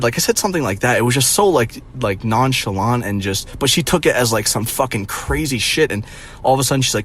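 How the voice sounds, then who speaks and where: A man's voice: medium pitch, lively intonation, brisk, a bit bright, a little hiss or hum. Young guy venting to his camera, rambly, curses a lot, lots of likes and ums. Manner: rambling, swearing, many fillers. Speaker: vlogger. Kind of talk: casual rant to camera.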